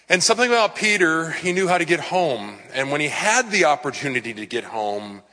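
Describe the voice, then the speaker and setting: Bright-voiced pastor in an echoing hall. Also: male voice, on the low side. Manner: conversational and personal, with self-deprecating asides. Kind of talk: sermon. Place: church sanctuary with congregation. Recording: live sermon in a reverberant hall.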